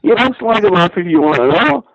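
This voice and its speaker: Male radio host, mocking and combative, slightly high voice, muffled lo-fi broadcast. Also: lively intonation, a little fast, gravelly, fairly bright tone. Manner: mocking, repeats "mate" constantly, talks over caller. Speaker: phone-in host. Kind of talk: heated phone-in argument.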